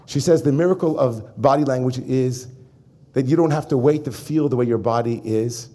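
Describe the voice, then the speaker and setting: A rabbi giving a sermon to his congregation, emphatic and animated, often turning to address the listeners directly. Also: mid-range voice, moderate pace.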